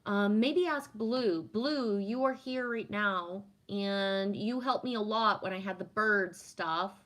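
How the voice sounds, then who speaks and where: A woman's voice: medium pitch, slow. Casual woman reading her livestream chat. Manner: warm, affirming, spiritual musing with frequent "right?". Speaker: livestream host answering chat.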